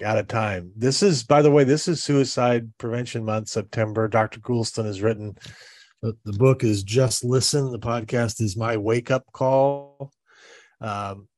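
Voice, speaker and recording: A man's voice: lowish voice, no echo, clean studio sound. A male podcast host, effusive and stumbling over his words as he wraps up an interview. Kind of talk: interview wrap-up.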